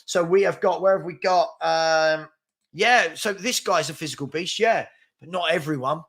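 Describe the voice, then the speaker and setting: Young London man, live-stream host, fast and chatty, bright forward tone. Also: a little high. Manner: fast-talking, chatty, reads out names and places. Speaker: football chat host. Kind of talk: live-stream casual chat reading viewer comments.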